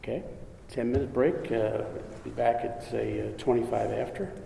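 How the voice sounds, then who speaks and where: Gravelly male co-leader, relaxed group announcements, chapel reverb with light hiss. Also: medium pitch, moderate pace. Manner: relaxed, with many "uh" fillers. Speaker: workshop co-leader. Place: large chapel with long reverb. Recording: echoey chapel recording, faint hiss.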